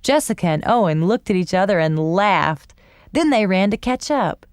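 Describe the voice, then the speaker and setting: A woman reading a bedtime story aloud to children in an expressive, lively way. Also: mid-range voice, normal speed, clear, resonant tone.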